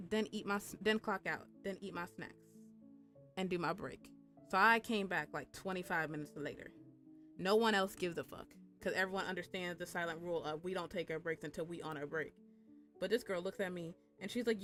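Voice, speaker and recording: Profane, animated young woman streamer. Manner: animated, profane, jumps into high squeaky voices for quotes. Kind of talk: casual storytime chat.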